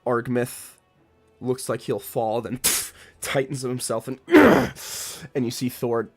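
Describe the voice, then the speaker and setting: Slow gravelly man narrating a game. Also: medium pitch, very animated, faint music behind. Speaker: game master.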